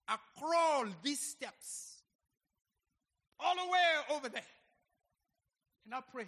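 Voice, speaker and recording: A man in his fifties preaching a sermon, emphatic and dramatic, swinging between loud exclamations and soft asides. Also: very high-pitched, very animated, takes it slowly, long pauses. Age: 50s. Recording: long hall reverb.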